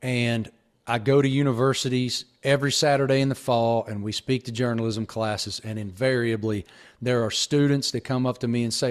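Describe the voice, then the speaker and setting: Southern man, middle-aged, earnest interview guest; medium pitch, restarts phrases for emphasis. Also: normal speed. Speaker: sports reporter and host, guest. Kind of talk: reflective interview answer.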